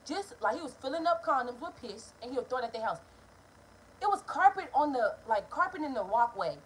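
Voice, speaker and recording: A young woman vlogger telling a story, blunt and profane in an animated casual storytime. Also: high voice, fairly quick, a little hiss or hum, rough recording.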